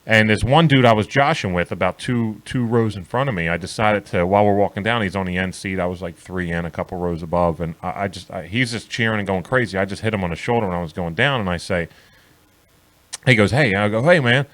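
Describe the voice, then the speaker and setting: A man's voice: low-pitched, fast talker. Profane rambling man telling sports stories. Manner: rambling, profane, animated storytelling with many restarts. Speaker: co-host. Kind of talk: casual sports talk chat.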